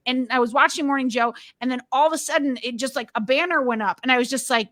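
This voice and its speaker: High-voiced excitable woman co-host. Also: fast talker, dry recording, studio quality. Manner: excitable, animated storyteller. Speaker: podcast co-host. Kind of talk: casual chat.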